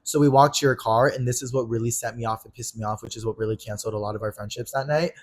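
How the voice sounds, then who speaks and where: A man's voice: medium pitch, fairly even intonation, fast talker. A man co-hosting a podcast, telling a heated personal story in casual, profanity-laden chat. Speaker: podcast co-host.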